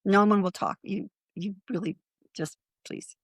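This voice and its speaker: A middle-aged woman, a guest on a podcast, telling animated stories and acting out the quoted lines. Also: medium pitch, a little slow, no echo. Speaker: guest, psychic medium. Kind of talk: storytelling in a podcast interview.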